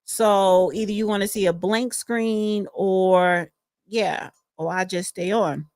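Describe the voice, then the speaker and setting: Slow-talking woman co-host. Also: mid-range voice, fairly even intonation, a little mellow, dry recording. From East Orange, New Jersey. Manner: chatty and frank, calls listeners honey. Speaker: podcast co-host reading live chat. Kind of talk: casual livestream chat. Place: at home.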